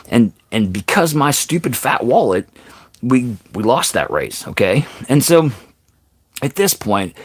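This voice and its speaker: Animated man telling a comic story. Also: medium pitch, dry recording. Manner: animated, keeps addressing the audience with "okay?" and "people"; self-deprecating, exaggerated asides. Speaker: vlogger.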